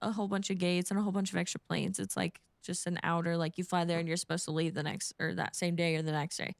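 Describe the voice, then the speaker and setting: A woman who works as a flight attendant, telling a work story in quick, animated casual talk and acting out what people said. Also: lowish voice, creaky, dry recording. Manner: fast, animated, acts out quotes.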